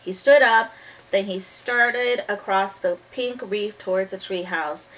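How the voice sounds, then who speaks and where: A woman reading a children's chapter book aloud in a lively, expressive way, stopping now and then to talk about the pictures. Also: medium pitch, takes it slowly, distant mic, a little hiss or hum, low-quality recording. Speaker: storybook reader.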